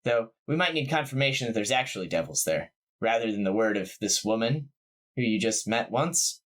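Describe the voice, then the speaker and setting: A man's voice: fairly low pitch, expressive, normal speed, recorded from a distance, pitched below the performer's own voice, close to an everyday voice. A man voicing a calculating male adviser who reasons things through aloud. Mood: scheming.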